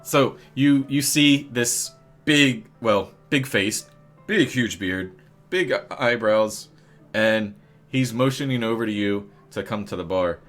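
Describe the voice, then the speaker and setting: A man's voice: mid-range voice, takes it slowly, few pauses, fairly bright tone, faint music behind. A man narrating as game master in a tabletop game, rambling with many fillers and jokey asides.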